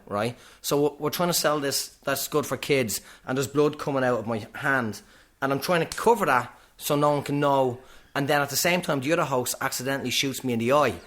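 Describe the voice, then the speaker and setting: A middle-aged man with a Dublin Irish accent, chatting as a comedian guest on a podcast in a quick, clipped, animated storytelling way. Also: medium pitch. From Ireland. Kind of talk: casual podcast chat.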